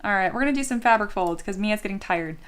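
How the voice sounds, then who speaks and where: A woman's voice: mid-range voice, expressive, quick pace, a bit bright. Chatty woman doing a casual sculpting tutorial stream, talks to chat, pokes fun at herself. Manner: chatty, self-deprecating, laughs often, reads chat aloud. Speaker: 3D sculpting instructor streaming live.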